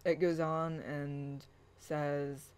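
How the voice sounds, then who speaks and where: A spiritual vlogger talking in a halting way with many pauses, then reading a blog post aloud in a soft, chant-like manner. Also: medium pitch, level tone, smooth, poor audio.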